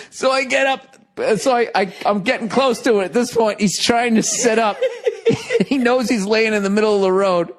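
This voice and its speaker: High-voiced man telling a story, laughing. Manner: laughs through the story, swears freely, animated sound effects. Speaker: podcast host. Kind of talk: casual storytelling chat.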